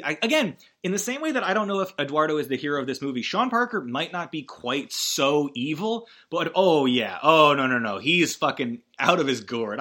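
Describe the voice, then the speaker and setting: A man casually recapping a film, rambling and animated, acting out the characters' lines and swearing freely. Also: medium pitch. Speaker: podcast host recapping a film.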